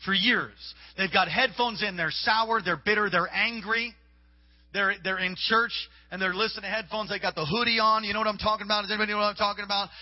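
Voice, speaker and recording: High-voiced man preaching in an echoey hall. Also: fairly even intonation, fast talker. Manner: emphatic, repetitive preaching. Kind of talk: live sermon. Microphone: stage microphone with monitor. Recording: echoey hall, dull lo-fi sound.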